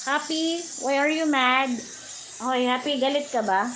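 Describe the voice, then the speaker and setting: High-voiced woman coaxing her pet birds. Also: a little slow, a bit bright, a little hiss or hum, low-quality recording. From Philippines. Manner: coaxing, sing-song baby talk to birds, mixing English and Tagalog. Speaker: vlogger. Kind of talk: casual livestream chat and talking to pet birds.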